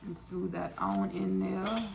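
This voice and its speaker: Gravelly-voiced Texan woman cooking and chatting. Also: medium pitch, big pitch swings, slow pace, darkish tone, reverberant, a little hiss or hum. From Austin, Texas. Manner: chatty, repeats phrases, laughs at own jokes. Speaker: home cooking host. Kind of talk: casual cooking vlog.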